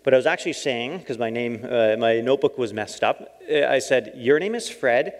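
A man giving a lively storytelling talk as a missionary, acting out his own quoted lines and laughing often. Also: mid-range voice, fairly quick. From Canada. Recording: long hall reverb.

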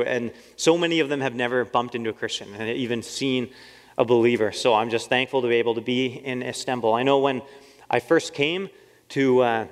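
A man giving a lively storytelling talk as a missionary, acting out his own quoted lines and laughing often. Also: mid-range voice. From Canada. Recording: long hall reverb.

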